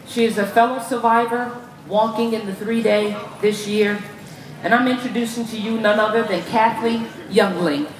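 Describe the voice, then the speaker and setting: A woman's voice: a little high, steady tone, normal speed. A woman emceeing an event, introducing a guest on stage in an upbeat announcing manner. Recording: far off, echoey, loud crowd and noise.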